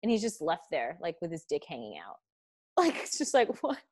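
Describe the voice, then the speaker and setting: A woman's voice: on the low side, huge pitch swings, normal speed. A young woman hosting a podcast, chatting casually and animatedly, swearing often and acting out quotes. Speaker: podcast host. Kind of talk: casual chat.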